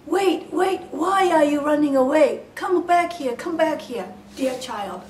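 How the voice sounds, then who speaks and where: A woman voicing Mother Hulda, a kindly old fairy-tale woman who speaks gently, coaxing and giving instructions. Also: fairly high pitch, measured pace. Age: older. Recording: roomy, distant mic, faint hiss.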